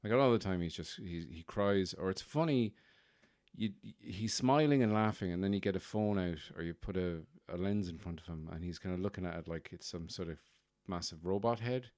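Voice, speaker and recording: A man hosts his podcast in a deep, smooth voice, rambling through a casual comic monologue. He is wry and self-mocking. The sound is close and dry. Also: fairly quick, a little mellow, dry recording. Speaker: podcast host.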